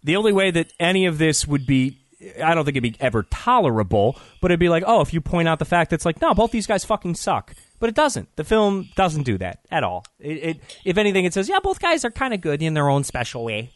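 A man's voice: a little high, big pitch swings, fairly quick, few pauses, no echo, clean studio sound. A man ranting about a film in casual, profane chat, full of scorn. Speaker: film reviewer.

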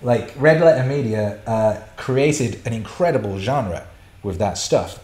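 A man's voice: mid-range voice, a little mellow. Sweary ranting man in a roomy echo. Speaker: host answering chat questions. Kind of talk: casual livestream Q&A. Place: indoor room.

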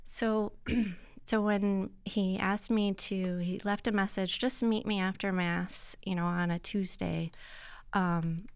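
A woman guest recounting a personal experience in an earnest, reflective way, with soft hesitations. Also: medium pitch, fairly even intonation, takes it slowly, clear, resonant tone, no room sound, studio quality. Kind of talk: personal testimony in conversation.

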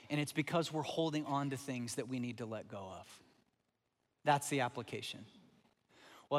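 A middle-aged male pastor with a fairly high voice delivers a sermon in an easy, conversational way. He leans on emphasis and repeats key phrases. His voice carries the long reverb of a large church auditorium. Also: a bit bright. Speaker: lead pastor.

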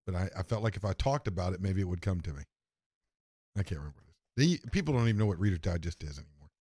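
Man, low voice, lively pitch, dry close sound, casual joke telling, halting delivery. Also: husky, no room sound. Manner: halting, repeats words as he tells jokes.

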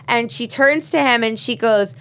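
A woman in her thirties with a fairly high voice tells family stories on a casual podcast. She is animated and expressive, acting out little bits of dialogue as she goes. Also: moderate pace, background noise. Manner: animated storyteller, acts out her baby's cries. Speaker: podcast co-host. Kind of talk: casual chat.

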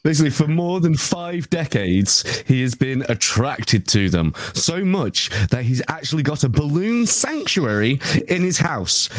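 Slow lively-voiced man telling a story. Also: medium pitch, dry recording. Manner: slow, crude, laughing storyteller. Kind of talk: casual banter.

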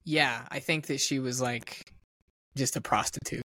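A man's voice: medium pitch, fairly even intonation, unhurried, pushed and bright, no echo, studio quality. A man co-hosting a film podcast, chatting casually with frequent laughs and many "like" fillers. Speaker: podcast co-host.

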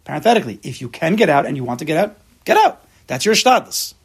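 Male Torah teacher, gravelly husky voice, punchy classroom delivery. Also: on the high side, big pitch swings, very fast. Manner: emphatic, mixes Hebrew terms into English. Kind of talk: lecture to a class.

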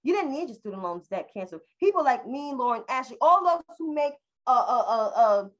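High-voiced, forthright woman co-host. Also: big pitch swings, fairly quick, highs cut off. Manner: forthright, opinionated. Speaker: podcast co-host. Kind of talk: casual panel chat.

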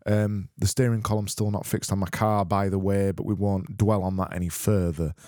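A man's voice: low voice, little pitch movement, moderate pace, warm tone, no echo. A man hosting a casual solo podcast, rambling, self-mocking and sweary, on a close mic. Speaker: podcast host.

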